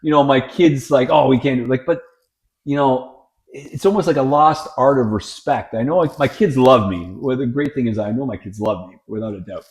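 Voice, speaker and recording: A middle-aged man and father of three on a casual podcast, telling stories with repeated words and acted-out shouts. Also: medium pitch, normal speed. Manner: lively storyteller, repeats words, acts out shouting. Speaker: podcast co-host. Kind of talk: casual chat, storytelling.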